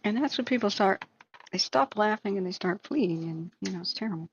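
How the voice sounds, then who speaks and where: A woman's voice: medium pitch, lively intonation, fairly quick, muffled recording, a little hiss or hum. A woman host on a live stream, telling a long self-deprecating story in a rambling way with many fillers. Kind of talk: casual storytelling.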